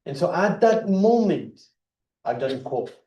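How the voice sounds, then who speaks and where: An earnest man gives a religious talk in a mosque hall, and his voice sounds dark and mellow. He explains things word by word and presses each point with emphasis. The sound is echoey and picked up from a distance. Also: fairly high pitch, sing-song, slow pace, lo-fi sound. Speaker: speaker at a mosque gathering.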